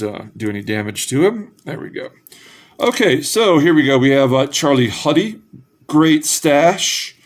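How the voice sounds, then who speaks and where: Slow, unhurried man reading out cards. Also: medium pitch. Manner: reads names off cards in a slow, drawn-out way with offhand asides; perks up in bursts of excitement over good pulls. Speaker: card collector opening packs. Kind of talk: casual pack-opening commentary.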